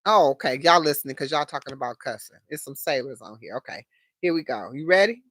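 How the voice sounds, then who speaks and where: A woman's voice: rumbling low, animated, quick pace, fairly bright tone, no room sound, studio quality. A woman hosting a casual live stream, chatting straight to her viewers and laughing often. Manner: laughs often, talks to chat directly. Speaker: livestream host.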